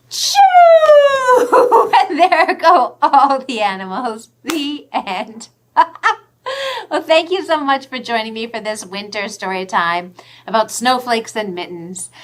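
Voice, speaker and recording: A woman, a children's librarian hosting a storytime with puppets, talking in an animated, expressive way that drops to whispers for the hints. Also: high-pitched.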